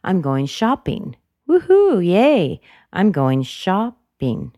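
Soft-spoken woman with frequent ums. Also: lowish voice, huge pitch swings, slow, no echo, studio quality. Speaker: recorded speaker in a sample clip. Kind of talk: casual unscripted description of her day.

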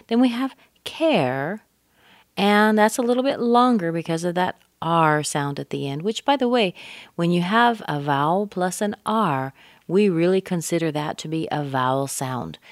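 A woman teaching English pronunciation, speaking deliberately and modeling words with exaggerated stress. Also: low-pitched, no echo, studio quality. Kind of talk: pronunciation lesson.

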